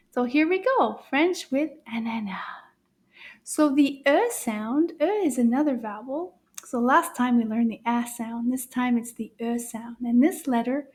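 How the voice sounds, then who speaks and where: A woman teaching a children's French lesson in a cheerful, sing-song way, speaking slowly and clearly for young learners, sometimes dropping to a soft whisper. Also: a little high. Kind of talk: kids' language lesson.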